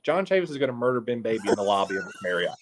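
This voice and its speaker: A man's voice: on the low side, very fast. A man, a local TV sports reporter, telling a story on a casual sports podcast and acting out the quotes as he goes. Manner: animated storyteller, acts out quotes.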